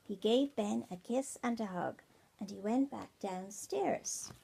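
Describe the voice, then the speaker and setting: An older woman, a grandmother, reading a bedtime story to her grandchildren at home on a tablet. She speaks gently, often drops to a whisper, and stops to ask the children questions. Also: mid-range voice, slow, gravelly, slightly rough. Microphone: iPad mini.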